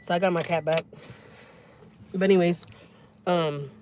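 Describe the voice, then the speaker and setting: A woman's voice: on the low side, measured pace, slight background noise. Blunt, foul-mouthed woman. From Houston, Texas. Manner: blunt, profane, animated storytelling. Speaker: family vlogger. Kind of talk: casual livestream storytelling. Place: in a truck with windows down. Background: vehicle and outdoor ambience.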